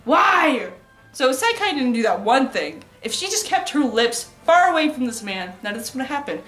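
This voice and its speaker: A woman's voice: high voice, sing-song, a little fast, fairly bright tone, soft background music. A young woman casually recapping an anime in a rambling, sarcastic, crude way. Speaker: vlogger. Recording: roomy echo.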